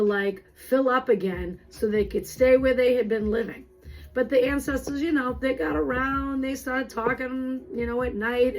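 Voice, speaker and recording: Woman life coach, casual and emphatic, mid-pitched voice, faint music under her. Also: low-quality recording. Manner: casual, emphatic, mild swearing. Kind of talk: motivational talk to camera.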